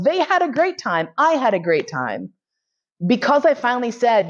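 A woman lecturer telling a candid story in a frank, bawdy and animated way, laughing often. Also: on the high side, moderate pace, dull audio.

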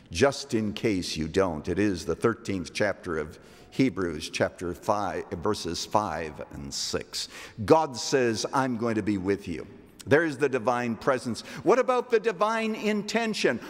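Older pastor man preaching slow and emphatic, voice swings up and down, hall echo. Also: mid-range voice. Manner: emphatic preaching, slows to stress scripture. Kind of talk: sermon. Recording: long reverb of a large hall.

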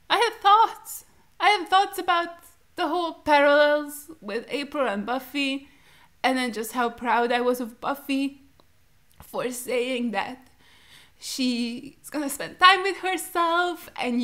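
A young woman with a high, bright voice talks through tears as she reacts to a show. She pleads and protests in disbelief, swearing now and then as her voice breaks. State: crying. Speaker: reaction video host. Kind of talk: emotional reaction commentary.

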